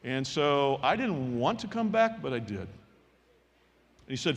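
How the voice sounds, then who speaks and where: A man in his sixties giving a commencement speech in a folksy, animated storytelling manner, acting out the people in his story. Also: medium pitch, a little slow, slightly rough. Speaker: commencement speaker. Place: large hall at a graduation ceremony. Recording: long reverb from a large hall.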